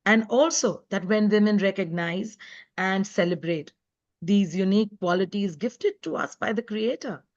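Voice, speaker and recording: A woman's voice: mid-range voice, moderate pace, darkish tone. A woman author speaking as a guest in a live online talk, earnest and emphatic. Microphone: video call. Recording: dull lo-fi web call audio.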